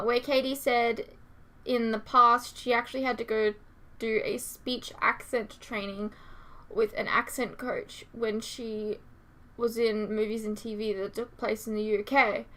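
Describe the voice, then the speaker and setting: A woman's voice: a little high, a bit bright. A young woman hosting a reaction channel, chatting casually with many fillers and reading out viewer comments.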